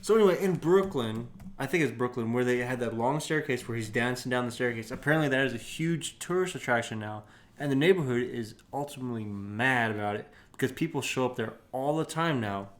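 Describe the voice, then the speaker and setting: A man's voice: medium pitch, a little fast. A man co-hosting a casual podcast, bantering and teasing his partner. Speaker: podcast co-host. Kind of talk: casual chat.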